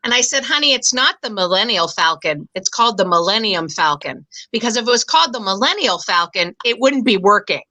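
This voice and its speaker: A woman's voice: mid-range voice, sing-song, brisk, few pauses, bright, forceful tone, poor audio. A woman in her forties performing a stand-up comedy set, self-deprecating, with many fillers and restarts.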